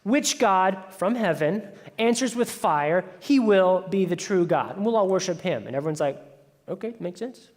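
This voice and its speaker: A man preaching a sermon as pastor, telling the story in a conversational way and dropping into hushed asides. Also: high-pitched, expressive, moderate pace. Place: church sanctuary. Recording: church hall with long reverb.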